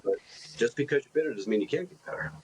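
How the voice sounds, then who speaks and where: A man co-hosting a podcast in casual reflective chat, animated and self-deprecating in his stories, often repeating his words. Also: mid-range voice, fast, husky, low-quality recording. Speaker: podcast co-host.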